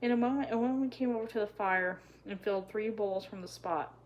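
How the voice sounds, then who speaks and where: A woman reading a children's chapter book aloud in a gentle, even storytelling manner. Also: medium pitch, a little fast, lo-fi sound, slight background noise. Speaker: storybook reader.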